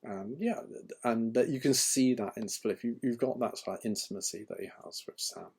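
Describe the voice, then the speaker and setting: A man's voice: mid-range voice, normal speed, a little mellow, breathy edge. A man, an author, chatting casually and rambling with frequent ums and restarts. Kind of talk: casual chat.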